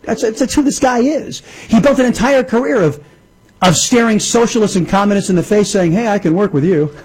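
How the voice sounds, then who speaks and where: A man's voice: sits high, a little mellow, breathy edge, rough recording. A man hosting a political talk radio show, ranting angrily with frequent restarts. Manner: angry, ranting, with many restarts. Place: radio studio.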